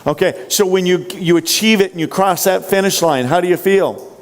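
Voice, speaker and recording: A man's voice: high voice, moderate pace. A man giving a motivational sales training talk, punchy and full of rhetorical questions to the audience. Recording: long hall reverb.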